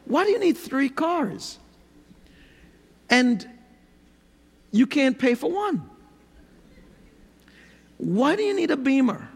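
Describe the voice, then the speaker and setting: A middle-aged man preaches with a very high, gravelly voice that leaps up and down as he drives his points home. He fires rhetorical questions and jokes at the congregation. His sermon rings out with the long reverb of a large hall. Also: sing-song, slow pace, long pauses. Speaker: pastor.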